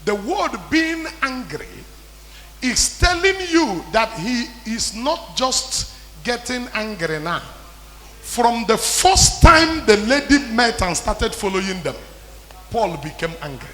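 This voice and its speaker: A man preaching a sermon as pastor, in impassioned call-and-response that builds to shouting. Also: extremely high pitch, sing-song, slow. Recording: long hall reverb.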